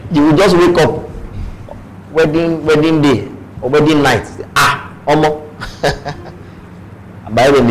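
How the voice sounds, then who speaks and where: A pastor with a Nigerian English accent, preaching a sermon in church, with playful asides and acted-out quoted voices. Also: male voice, mid-range voice, a little mellow, a little hiss or hum, poor audio.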